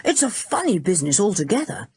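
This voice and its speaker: A woman voicing a confident, cheerful teenage boy who talks in a brisk, reassuring, hearty way in a storybook reading. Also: lowish voice, sing-song, darkish tone, breathy edge, heavily acted.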